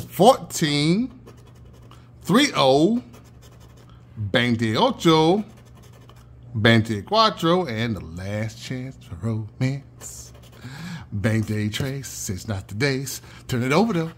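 A man's voice: mid-range voice, very animated, drawn-out words, long pauses, slightly rough. A man hosting his own channel, chatting casually while scratching lottery tickets and calling out numbers in a sing-song chant. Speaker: channel host.

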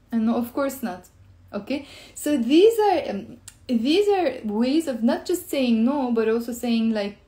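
A woman's voice: a little high, darkish tone. A woman with a Lebanese Arabic accent teaching a live-stream language lesson, playful and chatty, repeating phrases for her viewers.

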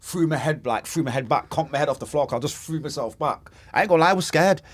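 A man's voice: on the high side, fast. A man with a Manchester accent, a podcast guest telling his story in a casual interview, acting out quotes and sound effects, with street slang. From Manchester, England. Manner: vivid storyteller, acts out quotes and makes gunshot sounds; street slang, swears oaths.

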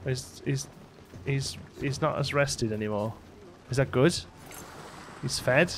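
Slow and mid-range, this man's voice comes with a little hiss or hum as he offers relaxed gameplay commentary in a let's play. He talks to the characters in his game while faint music plays in the background.

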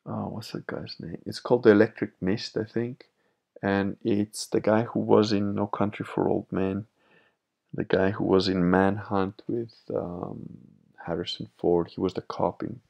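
A man's voice: on the low side, creaky, darkish tone. A man hosting a livestream, reading chat messages aloud and answering them bluntly with frequent laughs. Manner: blunt, opinionated, laughs often.

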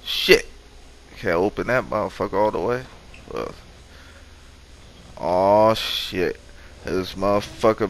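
Profane man doing slow gameplay commentary. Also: low voice. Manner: swearing, trash-talking enemies. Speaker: gamer. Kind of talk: profane let's-play commentary.

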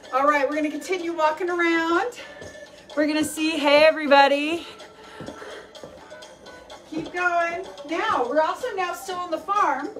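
With a very high-pitched, somewhat bright voice, a young adult fitness instructor runs an animal-themed workout. She's chatty and upbeat, throwing in playful animal noises, and is picked up at a distance over faint music.

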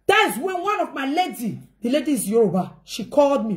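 A woman's voice: high-pitched, very animated, fairly quick. A woman speaking Nigerian Pidgin English, telling a family story to her viewers in a dramatic way and acting out the voices of others. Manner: dramatic, acts out quoted voices, swings between shouting and murmuring. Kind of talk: animated storytelling.

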